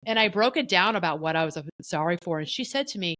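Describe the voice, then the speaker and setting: A middle-aged woman co-hosting a podcast, telling a personal story in a candid, animated way and acting out what others said. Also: fairly low pitch, quick pace, no echo, rough recording. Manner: candid, animated, often voices the people she quotes. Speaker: podcast co-host.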